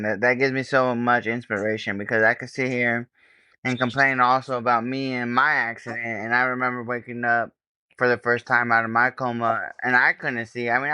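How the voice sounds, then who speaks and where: A man's voice: mid-range voice, pushed and bright, clean tone, no room sound. A man hosting a podcast interview, affirming his guest and talking casually with lots of "man" and "bro". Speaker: podcast host.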